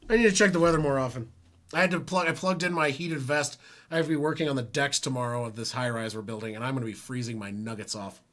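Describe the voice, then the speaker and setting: A man's voice: medium pitch, fast, fairly bright tone. A man hosting a live football reaction stream from home, talking casually in a rambling, self-correcting way. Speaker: sports stream host.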